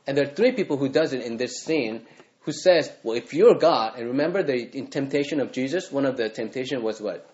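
A man's voice: mid-range voice, brisk, darkish tone, muffled recording. Earnest male pastor preaching in conversational style. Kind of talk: sermon.

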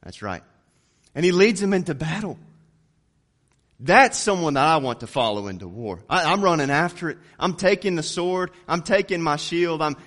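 Male preacher, fairly high voice, dynamic delivery that swells to loud peaks and sinks low for emphasis. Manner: rising to loud emphatic peaks, dropping low on key words. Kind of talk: sermon.

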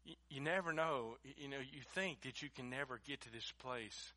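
A man preaching a sermon, moving between quiet storytelling and loud, emphatic preaching in a folksy way. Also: mid-range voice, moderate pace. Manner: swings from hushed storytelling to shouted preaching. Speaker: pastor.

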